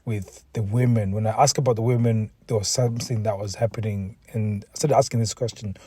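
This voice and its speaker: Here the podcast host, a relationship coach, talks earnestly on his own at a brisk clip, his voice on the low side, steady, mellow and husky. He comes across as emotional and mentally exhausted, frequently restarting sentences and repeating words.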